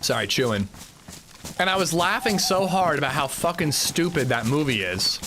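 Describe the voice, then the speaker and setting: A man's voice: on the high side, sing-song, normal speed, bright, forceful tone, a little hiss or hum. A man streaming a survival game, chatting casually and thanking viewers, stammering when flustered and drawing out names as he reads them. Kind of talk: casual livestream gameplay commentary.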